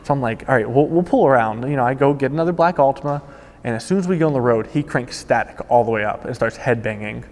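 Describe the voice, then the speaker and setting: Male storyteller, former car salesman, animated delivery, ordinary middle register, recorded with long reverb. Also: medium pitch, fast. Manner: animated storytelling, voices quoted people. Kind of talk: casual spoken anecdote.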